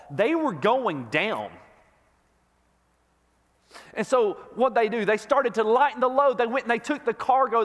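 A man's voice: high voice, a bit bright. A man preaching a sermon as a pastor, telling the story with emphasis and stumbling over repeated restarts. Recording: long reverb of a large hall.

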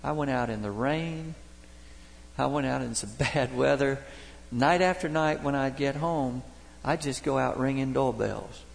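A Baptist pastor preaching a sermon, telling folksy, humorous stories from daily life. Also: male voice, mid-range voice, measured pace, gravelly. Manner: folksy storytelling, homespun humor. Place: church sanctuary. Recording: long reverb of a church hall.

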